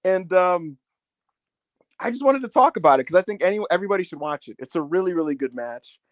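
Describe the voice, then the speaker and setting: A man's voice: high voice, expressive, fast, no echo, dull audio. A man co-hosting a casual podcast, telling a wrestling story with feeling, swearing and acting out the quotes. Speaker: podcast co-host.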